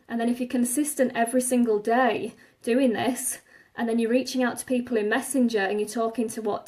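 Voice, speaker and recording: Woman on a live stream, a bit breathless, higher voice, direct and repetitive. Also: a little mellow. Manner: direct, repetitive, advice-giving. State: slightly out of breath. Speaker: online business coach. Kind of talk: live-stream talk to viewers.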